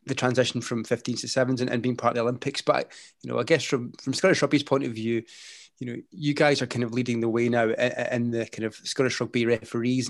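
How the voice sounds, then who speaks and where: A man's voice: medium pitch, no room sound. A man hosting an interview, asking long, enthusiastic questions. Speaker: podcast host.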